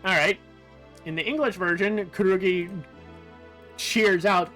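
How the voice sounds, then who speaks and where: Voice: medium pitch, sing-song, moderate pace, a bit bright, soft background music. A streamer giving casual game commentary, musing aloud with frequent fillers and the odd curse. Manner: casually profane.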